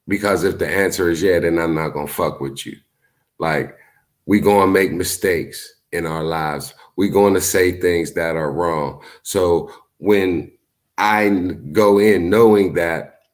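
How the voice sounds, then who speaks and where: A man hosting his own channel, talking casually to the camera in a laid-back way and often tagging on "you know what I mean.". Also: sits low. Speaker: YouTube show host.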